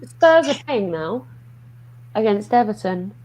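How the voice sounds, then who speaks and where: A woman's voice: medium pitch, very animated, unhurried, a little mellow, slight background noise, low-quality recording. A woman from Essex with an Essex accent, chatting bluntly and casually on a live football watchalong, with a lot of "like". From Essex, England. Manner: blunt, says "like" often. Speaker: watchalong co-host. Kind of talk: casual chat.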